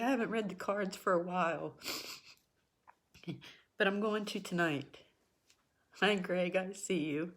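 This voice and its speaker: A middle-aged woman hosting a spiritual talk show, speaking earnestly and encouragingly to her viewers and repeating herself for emphasis. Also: medium pitch. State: tearful at times. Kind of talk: emotional personal talk to viewers.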